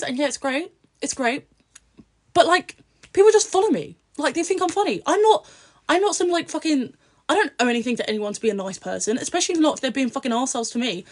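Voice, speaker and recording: A young British woman, an influencer guest, chatting bluntly and profanely on a podcast, swinging from low mutters to loud outbursts. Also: lively intonation, quick pace. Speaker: social media influencer guest. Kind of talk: casual podcast chat.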